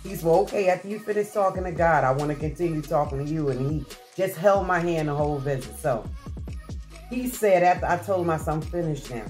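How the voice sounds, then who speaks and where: A woman's voice: low-pitched, brisk, darkish tone, soft background music. A middle-aged woman vlogger telling a personal story to her viewers in a chatty, heartfelt way, with many fillers and restarts. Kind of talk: casual storytelling to camera.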